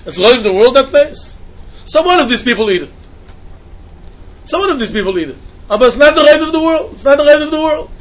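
Man, Talmud class, very high voice, sing-song questions, repeats himself. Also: very animated, quick pace, pauses often, lo-fi sound. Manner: sing-song questioning, repeats phrases, mixes Yiddish and Hebrew terms. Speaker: Talmud teacher. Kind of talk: yeshiva-style Talmud lesson.

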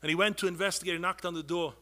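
A rabbi delivers an impassioned sermon in a high, bright voice, racing along in a steady tone. He pleads with his listeners, rises to loud outbursts, and uses many Yiddish and Hebrew terms.

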